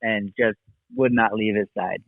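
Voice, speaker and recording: A man's voice: fairly low pitch, measured pace, no echo. Man on a tinny dry line. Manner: relaxed, rambling recollection with fillers. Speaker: guest, motocross racer and coach. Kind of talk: casual interview storytelling.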